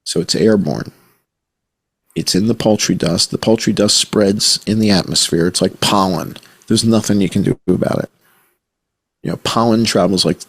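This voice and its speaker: Low gravelly man spinning animated theories. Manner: animated, conspiratorial storyteller, swears casually. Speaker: guest journalist. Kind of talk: podcast conversation.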